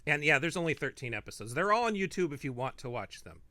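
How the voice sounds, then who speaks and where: Bright-voiced chatty podcast man. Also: a little high, sing-song, quick pace, dry recording. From not from the Midwest. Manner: chatty, rambling, trails off into asides. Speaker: podcast co-host. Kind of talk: casual chat.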